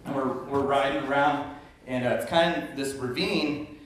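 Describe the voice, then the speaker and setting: A man's voice: medium pitch, moderate pace. A man from Texas telling a personal travel story on stage, easygoing and wry. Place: stage at a live storytelling event. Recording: echoey hall, distant mic, faint noise.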